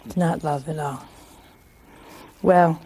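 Slow, gravelly woman preaching a folksy sermon. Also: deep voice, steady tone, warm tone, a little hiss or hum. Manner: folksy and humorous, asks the audience rhetorical questions. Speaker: religious teacher. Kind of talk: conversational sermon.

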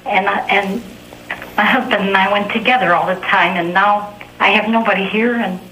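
A woman calling in to a show, speaking in a halting, stammering, emotional way. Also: mid-range voice, fairly even intonation, slight background noise. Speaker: caller. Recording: bright echoey phone line.

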